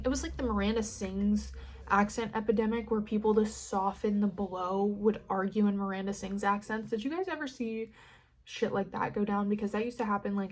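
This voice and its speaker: A young Californian woman talks straight to her listeners in a loose, rambling solo podcast. She swears freely and swings from loud bursts to quiet mutters, with a middle-range voice that is neither high nor low. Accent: Californian American. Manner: rambling, candid, sweary, dramatic swings in loudness. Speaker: podcast host. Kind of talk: casual solo podcast chat.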